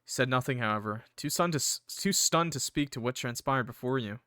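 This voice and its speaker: A young man reading a visual novel aloud as a gaming creator, breaking off into excitable, swearing reactions. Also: mid-range voice, fairly quick, no echo, studio quality.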